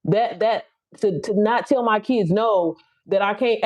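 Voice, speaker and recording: Young woman going off on a live stream, quick and cussing, mellow tone, kinda muffled phone audio. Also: medium pitch. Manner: blunt, profane, hype-up preaching. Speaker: live stream host, business coach. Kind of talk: casual motivational live chat.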